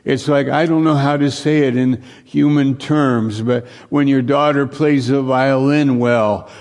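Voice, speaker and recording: A man preaching a sermon slowly and earnestly, repeating phrases for emphasis and often dropping to a hushed, low voice. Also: fairly even intonation. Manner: slow, earnest preaching with long pauses, sinking to a hushed low voice.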